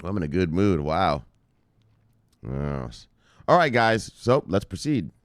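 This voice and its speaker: A man hosting a casual crypto market news show, excitable and profane, laughing as he talks. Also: low voice, slow pace, no room sound, studio quality.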